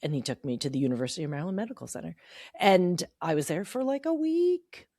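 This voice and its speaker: A woman's voice: deep voice, animated, very fast, darkish tone, husky, no room sound, clean studio sound. A woman in her forties, a podcast co-host, telling a story in candid casual chat, swearing freely and acting out what people said. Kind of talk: casual chat among sisters.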